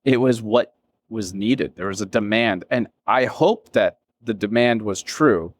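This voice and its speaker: A man's voice: on the low side, a little slow. A man, a business founder interviewed as a guest, talking candidly and emotionally with many fillers and some swearing. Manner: rambling, many fillers and self-quotes. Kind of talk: candid reflective interview talk.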